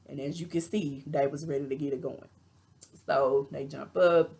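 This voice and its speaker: A chatty woman with a Texas drawl talks straight to her viewers and reviews a reality show episode in a loose, opinionated vlog style. Her voice sits very low and has a gravelly, fry-heavy edge. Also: steady tone, moderate pace, a little mellow. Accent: Texan. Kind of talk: casual vlog commentary.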